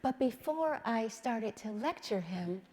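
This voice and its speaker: A middle-aged woman giving a public talk, telling a personal story in a measured way and often checking in with "right?". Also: a little high, animated, a little mellow, in a large hall.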